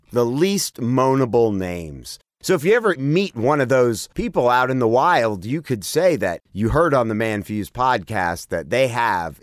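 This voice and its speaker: A man's voice: mid-range voice, no room sound, clean studio sound. A man co-hosting a podcast in casual chat, joking around, laughing often and acting out mock moans. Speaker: podcast co-host.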